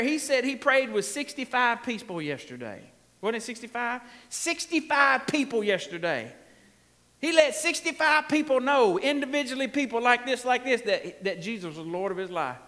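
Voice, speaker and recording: A man's voice: high voice, pushed and bright. A man preaching a sermon as pastor, folksy and emphatic, drawing responses from the congregation. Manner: folksy, emphatic, with frequent laughs and call-and-response. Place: church sanctuary. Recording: long hall reverb in a church.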